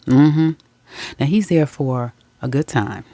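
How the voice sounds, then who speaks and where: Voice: mid-range voice, slow, dark tone, no echo. A tarot reader giving a casual general reading to viewers, chatty and candid, often laughing and correcting their own slips, calling listeners guys, ladies and baby.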